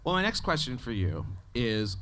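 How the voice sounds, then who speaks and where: A man moderating a convention panel, asking questions in a measured, inquisitive way. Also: mid-range voice, very animated, fairly bright tone, a little hiss or hum.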